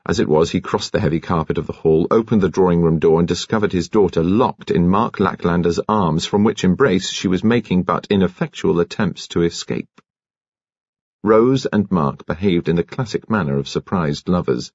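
A man reading an audiobook in a measured, expressive storytelling style. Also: low voice, husky, dry recording, lo-fi sound. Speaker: audiobook narrator. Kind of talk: scripted audiobook narration.

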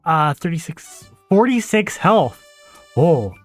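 A man with a slightly high-pitched voice chats through his own gameplay in a loose, let's-play manner. He talks straight to his viewers and grumbles when the game goes wrong. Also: sing-song, takes it slowly, soft background music. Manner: chatty, easily exasperated, talks to the audience while playing. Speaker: gaming channel host. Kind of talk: casual let's-play commentary.

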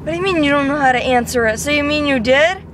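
A woman in casual chat, excitable and disbelieving, laughing easily. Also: sits high, quick pace, a little hiss or hum. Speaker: prank target.

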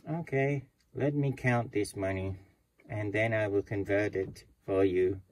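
A man voicing a stiff, overly formal male bank teller who speaks with flat, robotic politeness. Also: lowish voice, unhurried, slight background noise, natural voice.

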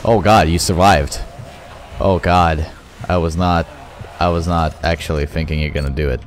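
Deep-voiced young man swearing through a let's play. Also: normal speed. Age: young adult. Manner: excitable, profane, taunts enemies. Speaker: gaming channel host. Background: game music.

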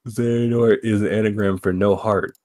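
Man, podcast host, casual chat, playful, very deep voice. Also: steady tone, moderate pace, darkish tone, dry recording. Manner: playful, joking, repeats lines for laughs.

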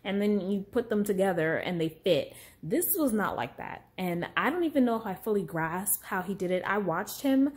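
A woman chatting casually in a vlog, expressive and excitable, with emphatic warnings, in her apartment. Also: mid-range voice, moderate pace, few pauses. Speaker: vlogger. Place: apartment room at night. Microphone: phone on ring light mount.

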